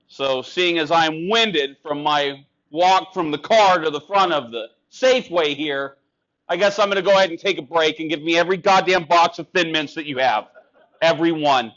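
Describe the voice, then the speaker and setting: A high-voiced man doing stand-up on a club stage, ranting and sarcastic as he talks to the crowd. The recording is dull and lo-fi. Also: a bit bright. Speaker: stand-up comic. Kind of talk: stand-up comedy set.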